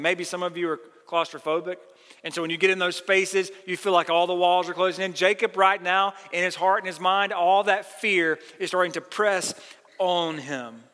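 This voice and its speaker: A high, bright male voice preaches a sermon with earnest emphasis, rising as he quotes scripture. His words ring out with a long reverb that suggests a church sanctuary. He keeps a steady teaching pace. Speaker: pastor.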